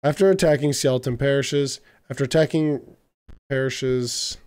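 A man's voice: medium pitch, steady tone, normal speed, darkish tone, clear, resonant tone. A young man giving casual let's-play commentary, thinking aloud and stumbling over game words. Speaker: gaming video creator.

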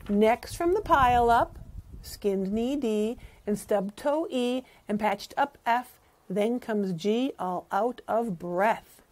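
A woman teacher reading a picture book aloud to children in an animated, sing-song way, pausing to ask the listeners questions. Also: a little high, a little hiss or hum.

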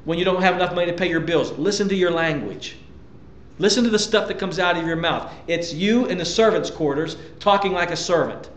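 High-voiced man preaching emphatically. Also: fairly quick, roomy sound. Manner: emphatic preaching with rhetorical questions. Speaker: pastor. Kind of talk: sermon.

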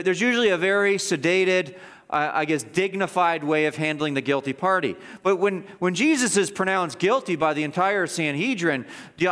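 Impassioned preacher with a lively voice. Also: male voice, high-pitched, in a large hall. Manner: impassioned, mocking asides, repeats words. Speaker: pastor. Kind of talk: sermon. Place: church sanctuary.

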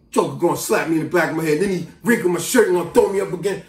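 A man casually telling a story from his school days in a slangy, animated way, with lots of asides. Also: high-pitched, very fast, few pauses. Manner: animated, street-slang storyteller who breaks into asides and acted quotes. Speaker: vlogger. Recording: roomy, distant mic.

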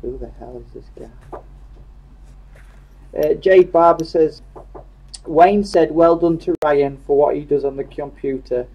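A man's voice: a little high, measured pace, long pauses, lo-fi sound, a little hiss or hum. A young man with a Yorkshire accent, casually reading live chat comments aloud and joking. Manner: jokey, reads comments aloud in a lively voice.

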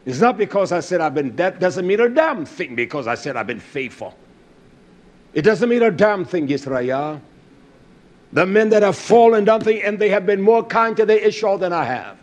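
An older man preaching a sermon, swinging between loud, emphatic declarations and low, muttered asides, with blunt phrasing and rhetorical questions. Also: lively intonation, moderate pace.

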